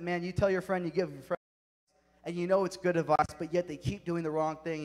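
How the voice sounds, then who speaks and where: A man preaching a sermon to a youth group, energetic and emphatic, speaking straight to the kids. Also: a little high. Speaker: youth pastor. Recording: long hall reverb.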